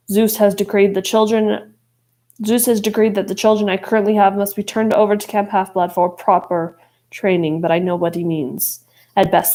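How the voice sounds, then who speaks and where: A woman voicing a gloomy, brooding male god of the dead, speaking low and pleading. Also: mellow, lightly acted.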